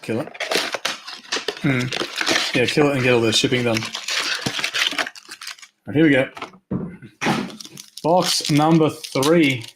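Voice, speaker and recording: A man hosting a live trading card break, rattling off names quickly and upbeat, his voice going hoarse. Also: medium pitch, heavy background noise. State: losing his voice.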